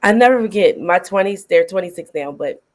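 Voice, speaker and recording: A middle-aged woman hosting a casual film review chat, retelling scenes with animated energy and frequent laughter. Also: fairly low pitch, brisk. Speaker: host.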